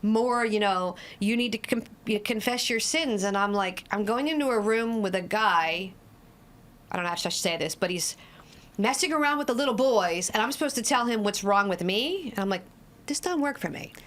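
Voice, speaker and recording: A woman in her forties, an addiction specialist, telling her story as a podcast guest in a blunt, lively way and swearing freely. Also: medium pitch, normal speed. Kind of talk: candid conversational storytelling.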